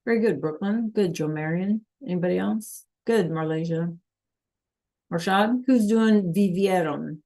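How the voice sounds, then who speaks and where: A woman's voice: lowish voice, a little slow, dark tone. A woman teaching a Spanish class over a video call, often checking in with "right?" and "okay?". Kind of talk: online class lesson.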